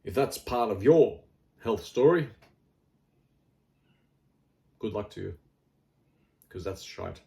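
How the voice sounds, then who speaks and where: A man's voice: fairly low pitch, animated, takes it slowly, gravelly, long pauses, mellow. Rambling middle-aged Australian man. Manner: rambling, frequent fillers, blunt and wry. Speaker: health vlogger. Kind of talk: casual monologue.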